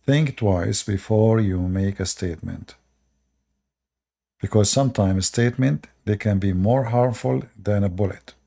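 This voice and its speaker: This man, a native Arabic speaker from the Middle East, hosts a casual live stream and lectures his audience in brief, repeated commands with broken grammar and an Arabic accent. He speaks a little slowly, in a lowish, warm voice with vocal fry.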